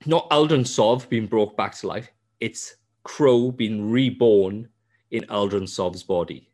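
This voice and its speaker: A man chatting on a podcast about a game he plays. He tells the story in an animated, sweary way, restarting his sentences as he goes. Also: on the low side, slow pace. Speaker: podcast host. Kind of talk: casual gaming chat.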